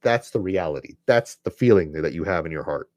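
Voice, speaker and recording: Male live streamer, deep voice, dry close sound, lecturing viewers head-on with repeated emphatic lines. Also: animated, a little fast, a little mellow, no room sound. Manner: earnest and preachy, repeats phrases for emphasis; addresses listeners directly and bluntly. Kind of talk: impassioned monologue to viewers.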